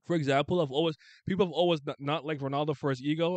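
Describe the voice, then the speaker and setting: A man hosting a casual sports chat, blunt and animated, swearing freely and restarting his sentences. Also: fairly high pitch, rapid-fire, dry recording.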